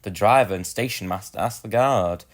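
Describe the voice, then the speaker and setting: A man narrating a children's storybook in a gentle, expressive way. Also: fairly low pitch, moderate pace.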